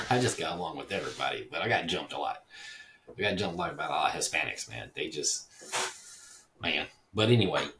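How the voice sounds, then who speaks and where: Very deep-voiced rambling man. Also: very animated, moderate pace, far from the mic, noisy background. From Dallas, Texas (Oak Cliff). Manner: rambling, digressive, swears casually. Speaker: podcast host. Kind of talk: casual monologue.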